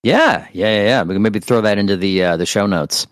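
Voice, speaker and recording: A man with a fairly low voice talks through a film in easy, agreeable podcast chatter. The sound is dry and close, with no room around him. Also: fairly quick, no echo. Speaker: podcast co-host. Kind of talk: casual movie discussion.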